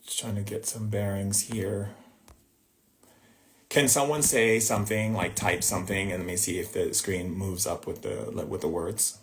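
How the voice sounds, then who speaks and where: A man's voice: lowish voice, steady tone, moderate pace, fairly bright tone. A man hosting a livestream as a spiritual teacher, talking conversationally and rambling with restarts and asides, sometimes muttering to himself. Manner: distracted by screen trouble, muttering to himself. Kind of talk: live-streamed spiritual talk.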